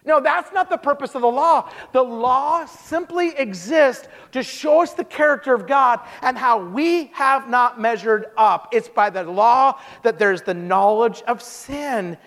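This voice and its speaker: Male preacher, sermon, very high voice, emphatic, rhetorical questions, long hall reverb. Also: a little slow, hardly any pauses, a bit bright.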